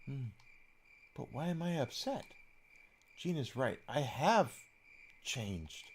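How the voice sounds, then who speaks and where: A man voicing a shy young woman in a fantasy game, soft and bashful, sometimes shrill. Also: sing-song, slow pace, slight background noise. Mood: wistful.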